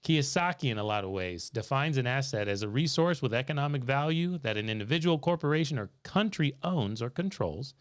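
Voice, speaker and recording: A man's voice: medium pitch, lively intonation, brisk, few pauses. Storytelling male finance show host. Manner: storytelling, reads out viewer comments, quizzes his co-host. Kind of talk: livestream talk with chat interaction. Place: studio.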